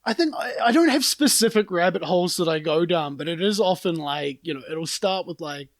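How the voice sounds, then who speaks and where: A man's voice: high-pitched, animated, brisk, no echo, clean studio sound. A man in his thirties, a comedian guest on a podcast, talking in a wry, self-deprecating way. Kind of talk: casual chat.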